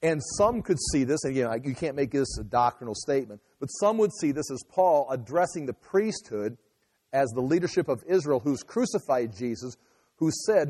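A man's voice: fairly high pitch, warm tone, long reverb tail. A man giving an emphatic sermon, often restarting and repeating phrases as he teaches. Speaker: pastor.

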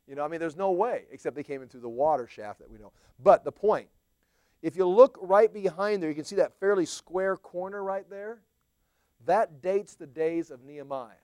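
Smooth-voiced man teaching a Bible class. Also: a little high, normal speed, a little mellow, no room sound, studio quality. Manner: chatty, with playful asides to the class. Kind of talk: conversational Bible study teaching.

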